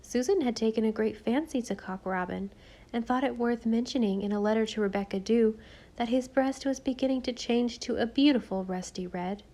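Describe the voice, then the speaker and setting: A woman reading an audiobook, narrating in a measured, expressive storytelling style. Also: a little high. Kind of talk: scripted narration.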